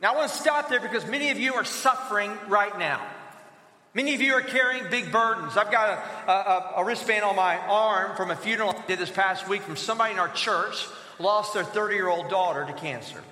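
A man preaches with a high, bright, ringing voice. He is energetic and calls on the congregation to fill in his words. The sound fills a large church hall and carries a long, echoey reverb. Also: fairly quick. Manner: energetic preaching with call-and-response prompts. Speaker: pastor. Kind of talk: sermon.

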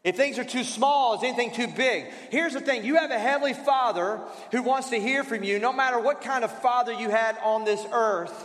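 A man's voice: very high voice, fairly quick, hardly any pauses, a bit bright. A man preaching a sermon as pastor, in a conversational style with rhetorical questions and repetition. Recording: roomy hall reverb.

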